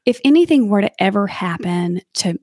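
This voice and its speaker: A woman's voice: medium pitch, animated, moderate pace, darkish tone, dry recording, studio quality, natural voice. A woman quoting a fiery Southern woman with a thick Mississippi accent, earnest and pleading.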